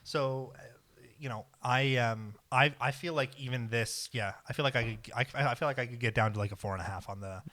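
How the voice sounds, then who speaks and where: A man's voice: mid-range voice, a little fast, sharp tone. A man co-hosting a casual podcast, talking in a rambling, hesitant way with lots of ums. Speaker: podcast co-host. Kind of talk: casual chat.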